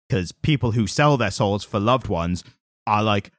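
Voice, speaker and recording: A man's voice: lowish voice, animated, normal speed, a bit bright, no echo, studio quality. A man co-hosting a podcast, chatting casually about comics, rambling with lots of "like" and frequent laughs. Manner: rambling, laughs often, hedges with "like". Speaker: podcast co-host. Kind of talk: casual comic-book chat.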